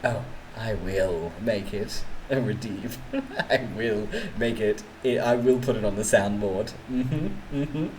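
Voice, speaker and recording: A woman's voice: rumbling low, takes it slowly, darkish tone, slight background noise, low-quality recording. A woman VTuber streamer with a New Zealand accent, chatting with her viewers in a teasing, giggly, mock-dramatic way. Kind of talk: casual live-stream chat with viewers.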